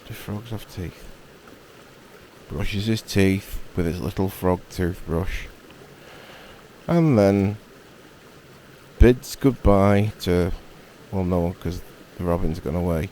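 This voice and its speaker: A man with a Northern English accent telling a meditative bedtime story in a relaxed, rambling way, with jokey asides. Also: sits low, a little hiss or hum. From Northern England.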